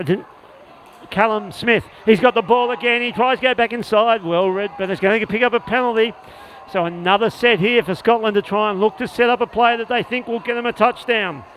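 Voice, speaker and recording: A man calling live play-by-play at a sports match, rapid and excitable when a score comes. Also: high-pitched, a little hiss or hum, poor audio. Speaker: play-by-play commentator. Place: outdoor sports venue.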